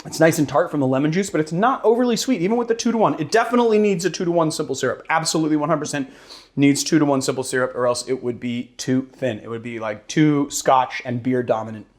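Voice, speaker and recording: Brief: laid-back male bartender host, slightly higher voice, jokey, loose delivery. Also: fast talker. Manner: casual and joking, with fillers and curses. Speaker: cocktail show host. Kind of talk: casual cocktail demo and tasting.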